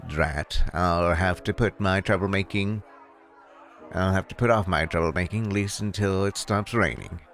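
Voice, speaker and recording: A man's voice: low voice, normal speed, fairly bright tone. A man voicing a cocky, coy male raccoon photographer in a game, with a dry, plain delivery. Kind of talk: reading game dialogue aloud.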